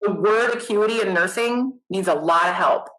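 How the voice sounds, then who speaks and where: A middle-aged woman, a nurse guest, chatting casually in an interview, animated and self-deprecating. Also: medium pitch, normal speed, rough recording.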